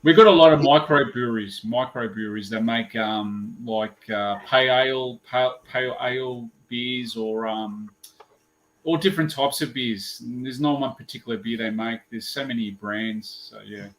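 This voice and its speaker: A man's voice: mid-range voice, normal speed, a bit bright, poor audio. A man from Australia with an Australian accent, chatting casually and trailing off at the ends of his thoughts. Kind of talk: casual chat.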